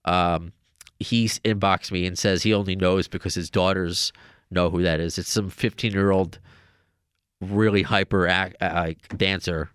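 A man's voice: deep voice, fairly even intonation, moderate pace, fairly bright tone, clear, resonant tone, no room sound, clean studio sound. A man hosting a podcast, telling a long story in a casual, rambling way with many restarts. Now and then he raises his voice to act out what others said. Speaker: podcast host.

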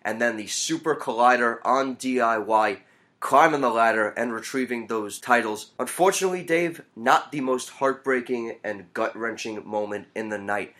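Excitable man recapping wrestling matches. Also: medium pitch, normal speed. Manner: play-by-play recap, bursts into shouting. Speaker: podcast host. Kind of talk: excited wrestling podcast chat.

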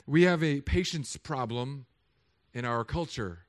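A pastor in his thirties preaches a sermon, telling stories in an animated, humorous way. His voice is medium-pitched and his pace measured.

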